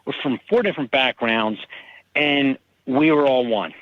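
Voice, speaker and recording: A man, an author, telling personal stories in casual conversation and lively acting out the people in them. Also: medium pitch, unhurried, dry recording, muffled recording. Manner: animated, acts out quoted people. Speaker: author guest. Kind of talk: casual storytelling.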